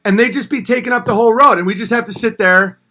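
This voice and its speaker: A man hosting a casual livestream, reading viewer comments and answering in a blunt, profane, animated way that sometimes rises to shouting. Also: very high-pitched, quick pace.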